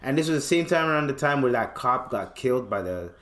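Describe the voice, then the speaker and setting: A man's voice: medium pitch, animated, fast, fairly bright tone. Young man telling a casual story. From Canada. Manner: loose, profane, acts out quoted voices. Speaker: podcast host. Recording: roomy echo.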